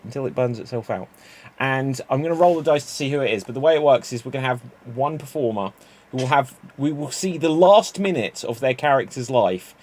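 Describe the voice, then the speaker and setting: Male improv host, chatty and rambling, mid-pitched voice. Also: a little mellow. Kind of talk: casual livestream hosting.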